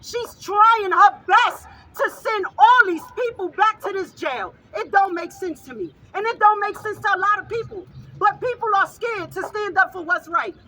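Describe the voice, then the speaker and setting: A grieving mother speaking at an outdoor rally, fervent and repetitive, often rising to a shout. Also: very high-pitched, normal speed, hardly any pauses, rough recording. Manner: fervent, raises voice to a shout, repeats phrases. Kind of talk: impassioned protest speech.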